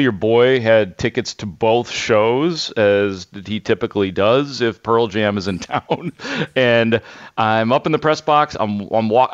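A man who works as a sports radio reporter, telling a story on air in a casual, animated way and laughing at himself. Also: fairly low pitch, clean tone, no echo, lo-fi sound. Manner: animated, self-deprecating anecdote teller with laughs.

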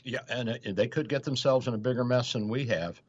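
A man's voice: mid-range voice, a little fast, lo-fi sound. A male radio show host in casual talk, rambling with many hesitations and acting out quotes.

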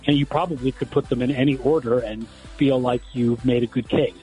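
A man speaking as a guest football analyst in a radio interview, explaining calmly with light fillers. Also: mid-range voice, brisk, low-quality recording. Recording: radio clip with faint music.

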